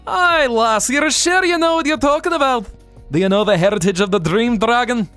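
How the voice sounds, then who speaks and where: A man's voice: very high voice, normal speed, fairly bright tone, faint music behind, pitched above the performer's own voice. A man voicing a boastful male dragon with a put-on Scottish accent, teasing in an exaggerated brogue. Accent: mock Scottish.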